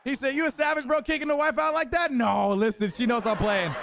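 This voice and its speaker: A young man livestreaming a football video game, casually chatting with viewers, shouting them out and teasing them. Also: very high voice, fairly quick, creaky. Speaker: live streamer playing a football video game. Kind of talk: casual livestream chat, reading chat aloud. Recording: home stream with game crowd noise. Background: game stadium crowd and commentary.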